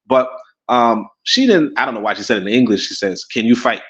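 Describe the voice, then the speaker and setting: A Caribbean-born man co-hosting a casual talk show, rambling and animated, with many restarts and laughs. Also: medium pitch, fairly quick, lo-fi sound. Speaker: podcast co-host. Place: in Africa.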